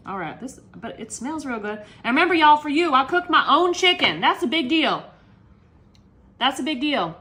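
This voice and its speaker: A woman's voice: high voice, bright, forceful tone, roomy sound, slight background noise. Bubbly, chatty woman cooking at home. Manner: chatty and bubbly, says y'all often. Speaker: cooking channel host. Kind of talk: casual cooking chat to camera. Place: home kitchen.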